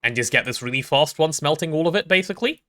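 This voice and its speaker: A man's voice: a little high, animated, fast, fairly bright tone. A man live-streaming a game, chatting casually and rambling as he reads chat and talks through his build.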